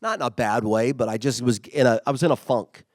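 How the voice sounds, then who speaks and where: A man's voice: mid-range voice, a little fast, no echo. A middle-aged man giving a casual, conversational motivational talk as a workplace leader. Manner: conversational, acts out quoted remarks.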